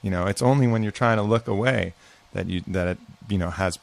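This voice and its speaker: A man's voice: fairly low pitch, a little fast, creaky. A man as a podcast guest, talking casually and earnestly about facing fear, with some swearing. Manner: earnest, reflective, profane. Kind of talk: casual conversation.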